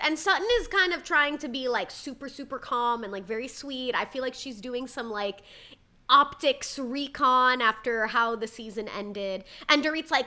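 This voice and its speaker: A woman's voice: on the high side, expressive, normal speed, pushed and bright. A young woman hosting a reality TV recap, talking casually, opinionated and heated, often quoting people in mocking voices. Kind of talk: casual commentary vlog.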